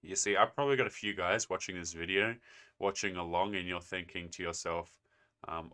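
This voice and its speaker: A man's voice: sits low, steady tone, fairly quick, bright, forceful tone. A young man hosting a response video, talking in a sarcastic, lecturing way. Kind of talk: casual commentary.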